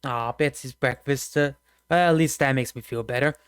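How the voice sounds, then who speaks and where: A man's voice: medium pitch, moderate pace, a bit bright, clear, resonant tone, dry recording, clean studio sound, close to an everyday voice. A man voicing a folksy old male frontiersman with a drawl.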